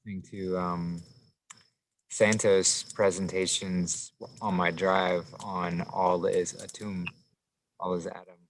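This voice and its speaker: A man in relaxed casual conversation, speaking in an easygoing way with fillers, outdoors in a forest. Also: deep voice, slow pace, a little hiss or hum, low-quality recording. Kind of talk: casual chat.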